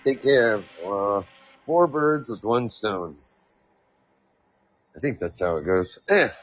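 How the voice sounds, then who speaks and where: A fairly low-pitched, animated man speaks slowly as he hosts a rambling solo podcast from his workplace, reading and ranting with profane, sarcastic, self-mocking asides while fielding coworkers. The lo-fi recording sounds dull, with faint music behind him.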